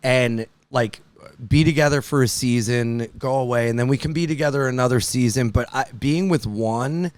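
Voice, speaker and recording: A man's voice: medium pitch, normal speed, clear, resonant tone, no echo. A young man hosting a podcast, rambling through casual comedic stories and acting out the voices of people he quotes. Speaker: podcast host.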